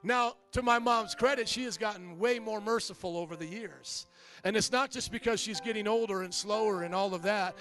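A middle-aged man preaching a sermon as pastor, telling humorous stories in an animated way. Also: high voice, fairly quick, faint music behind.

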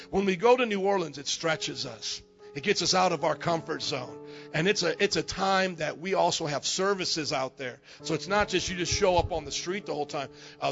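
A man's voice: high voice, vocal fry, lo-fi sound. A male pastor preaching with energy, calling the congregation to respond. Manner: energetic, call-and-response, rousing. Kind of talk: sermon.

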